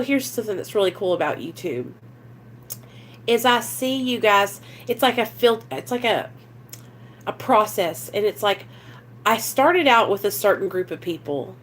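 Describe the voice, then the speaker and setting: A woman's voice: mid-range voice, a little hiss or hum. A young woman, vlogging candidly in a rambling, earnest way that leans heavily on fillers. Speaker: recovery vlogger. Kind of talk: candid confessional vlog.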